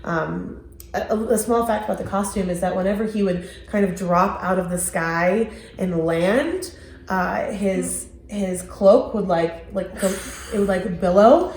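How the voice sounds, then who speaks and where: A woman's voice: mid-range voice, unhurried, darkish tone. Enthusiastic woman in an echoey room. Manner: enthusiastic, many fillers and restarts. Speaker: podcast co-host. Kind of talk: casual movie review chat. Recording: roomy echo.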